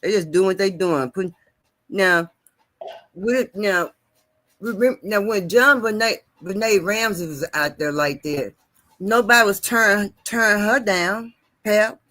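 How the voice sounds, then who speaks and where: Male host with a high, bright voice, emphatic and repetitive in casual talk. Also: measured pace. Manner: animated, repeats himself, emphatic. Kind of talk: casual chat.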